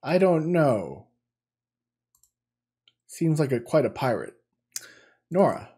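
A man's voice: on the high side, sing-song, takes it slowly, warm tone, slightly rough. A man casually commenting as he plays through a game, thinking aloud and reading the on-screen text with stumbles and restarts. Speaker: gaming video host. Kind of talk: casual let's-play commentary.

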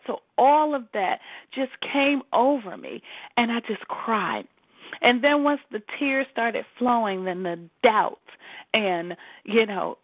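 A woman's voice: on the high side, measured pace, no echo, highs cut off. A woman hosting a talk radio show, speaking in an emphatic, repetitive and emotional personal monologue.

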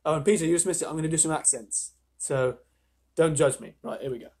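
A man reading a children's story aloud on a live stream, chatty, with playful asides, his voice slightly husky. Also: on the high side, quick pace, darkish tone.

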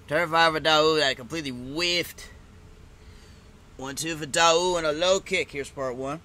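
A man calls the fight casually for his live stream audience, his voice pitched high and ringing very bright. He talks loosely, swears freely and erupts into shouts when a fighter goes down. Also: unhurried, a little hiss or hum. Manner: excitable, swears, shouts at big moments. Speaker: live stream reaction host.

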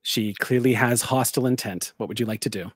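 A man as game master, narrating a tabletop game with vivid, deliberate description. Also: mid-range voice, slightly rough, dry recording.

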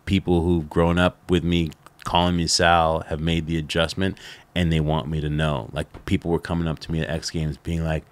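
A middle-aged man, a podcast guest, telling stories in a casual interview, animated and laughing, with lots of "like" fillers. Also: rumbling low, moderate pace.

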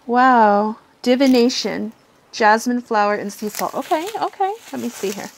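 A young woman hosting a tarot channel, gushing over an unboxing with gasps and breathy excited whispers. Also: on the high side, normal speed, slight background noise.

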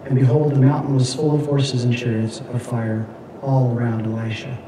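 A man's voice: medium pitch, little pitch movement, noisy background. A man teaching a Bible class, lecturing and reading scripture aloud, with many fillers and restarts. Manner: halting, frequent fillers and restarts. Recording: echoey room, mic at a distance.

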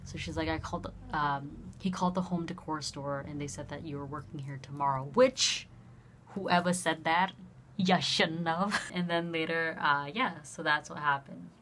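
A young woman with a notably low, deep voice tells a personal story straight to the camera in a relaxed vlog. She talks animatedly, swears without a second thought, and slips into quick impressions of the people she is quoting. A faint hiss of noise sits under her voice. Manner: animated, swears freely, acts out dialogue. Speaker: vlogger. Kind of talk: casual storytelling.

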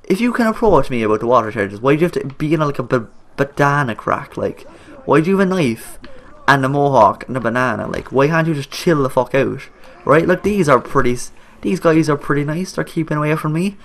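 A young Irish-accented gaming YouTuber, slightly high-voiced, brisk, and lively in intonation, rambles jokily through a let's play. He talks back to the on-screen characters, using coarse slang and swearing a lot.

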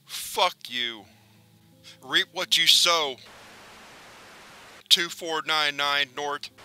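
A cartoon pelican who is paranoid, demanding and openly threatening, as a man puts him on. His voice is bright and crisp, pitched a touch up and pushed loud. He needles and menaces like a sulking cartoon star turned villain. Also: exaggerated voice, low-quality recording.

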